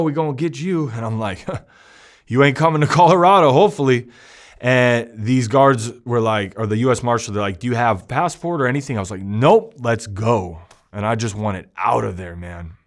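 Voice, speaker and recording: Young man telling a gritty story. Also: lowish voice. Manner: animated storyteller, acting out quoted voices, swings between hushed and loud. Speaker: interview guest. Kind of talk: casual storytelling interview.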